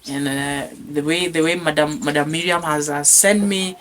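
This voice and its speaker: A man from Kenya, telling his life story in an interview, animated and repeating words as he goes. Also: a little high, normal speed. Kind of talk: lively personal testimony.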